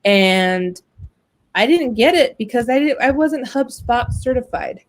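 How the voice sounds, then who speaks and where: A woman's voice: on the high side, lively intonation, unhurried, low-quality recording. A woman hosting a casual web talk show, telling a long story about job hunting, chatty and full of fillers. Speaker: host. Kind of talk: casual chat.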